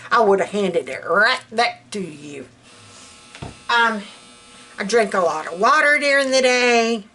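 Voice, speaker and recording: A woman's voice: medium pitch, sharp tone, a little hiss or hum. A woman from South Alabama with a Southern accent, chatting folksily to her viewers while she cooks in her home kitchen. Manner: chatty and folksy, calls viewers girl and baby. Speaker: home cooking vlogger. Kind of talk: casual chat.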